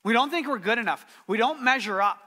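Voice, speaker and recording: A man's voice: very high-pitched, expressive, fast, bright, forceful tone. A middle-aged man preaching a sermon as pastor, earnest and emphatic, repeating his key phrases.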